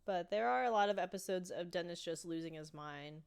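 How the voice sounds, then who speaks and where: A woman's voice: lowish voice, a little fast, gravelly, smooth. A woman co-hosting a podcast, chatting casually and retelling scenes with lots of "like" and acted-out quotes. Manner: animated storytelling, acting out quoted lines with filler "like". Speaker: podcast co-host. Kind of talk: casual chat recapping a sitcom.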